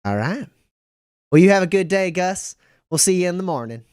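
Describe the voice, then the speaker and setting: A man's voice: high voice, lively intonation, normal speed, a little mellow, smooth, no echo, studio quality, pitched above the performer's own voice. A man playing a flirty pub-owner lady. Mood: friendly. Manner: coy, teasing drawl. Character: flirtatious middle-aged woman pub owner.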